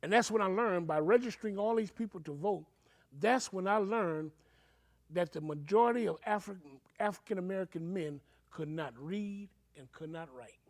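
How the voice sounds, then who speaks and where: Older preacher guy telling his story, kinda high voice, gets emotional, does voices. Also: normal speed. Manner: emotional, acts out quoted voices. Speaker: reverend. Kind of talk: personal storytelling.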